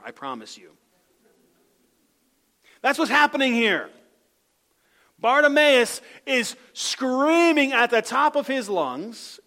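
High-voiced preacher, loud then hushed. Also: male voice. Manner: swings from loud emphatic calls to soft low asides. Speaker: pastor. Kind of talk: sermon.

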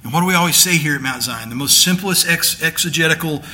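A man preaching from the pulpit, his voice very bright and ringing and pitched a little high for a man. He teaches in an easy, conversational way, then presses his points with emphatic force. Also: fast talker, slight background noise. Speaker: pastor. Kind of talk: sermon.

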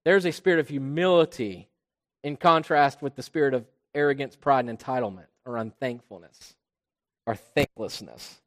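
A man preaching a sermon as pastor. He swells loud on key points and drops low and soft on quiet ones. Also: moderate pace. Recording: long reverb of a large hall.

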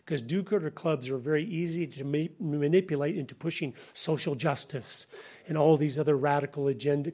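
Man preaching in a lively, conversational way. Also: fairly high pitch. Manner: animated, conversational, laughs between points. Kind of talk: sermon-style talk.

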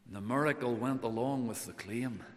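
A man preaching a sermon, moving between loud emphatic declarations and hushed tender passages, often repeating phrases for emphasis. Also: medium pitch, normal speed. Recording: long hall reverb.

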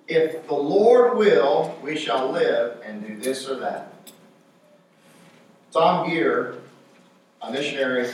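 A man's voice: medium pitch, very echoey, recorded from a distance, slight background noise, poor audio. A man preaching a sermon with emphasis, repeating his key phrases.

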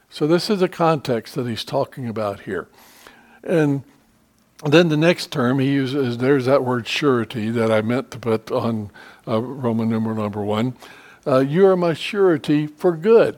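A man's voice: mid-range voice, moderate pace, darkish tone. A middle-aged man teaching a church Bible study in an earnest, conversational way, with frequent restarts and fillers.

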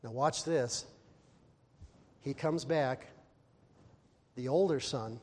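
A man preaching a sermon, telling a story with animated voices for the characters. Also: fairly high pitch, long reverb tail.

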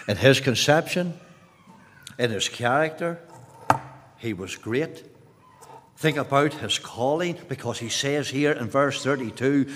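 A man preaching an evangelistic sermon at an evening meeting, emphatic, repeating his phrases and swinging from loud to hushed. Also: mid-range voice, in a large hall. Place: meeting hall at an evening service.

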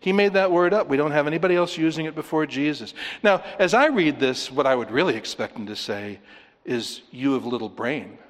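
A man preaching an expository sermon, animated, acting out the voices of the people he talks about. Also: a little high, brisk, long reverb tail. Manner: animated, acts out voices of the disciples. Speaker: pastor.

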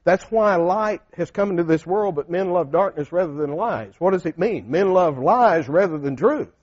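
A man's voice: high-pitched, animated, normal speed, a little mellow, highs cut off. Man preaching a conversational sermon. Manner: conversational, asks the congregation questions.

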